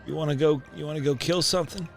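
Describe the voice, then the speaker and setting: A man playing a tabletop game, deadpan and blunt. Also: a little high, quick pace, vocal fry, faint music behind. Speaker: player.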